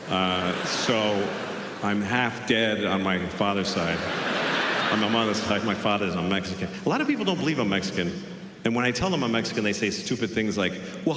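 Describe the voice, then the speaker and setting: A man's voice: fairly low pitch, expressive, moderate pace. A man doing a stand-up comedy set, rambling and sardonic, self-deprecating, with frequent restarts. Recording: live hall with audience noise.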